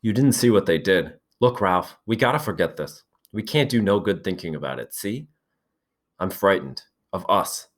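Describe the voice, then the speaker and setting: A haunted boy leader who speaks low and strained, with his voice pushed up only slightly, as a man reads him aloud. He sounds shaken and brooding and keeps his words heavy. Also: expressive, normal speed. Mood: stricken. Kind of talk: reading a novel aloud with voices.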